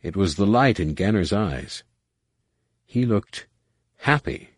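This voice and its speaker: A man reading an audiobook in a measured, dramatic narration. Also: on the low side, animated, no room sound, studio quality. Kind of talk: scripted narration.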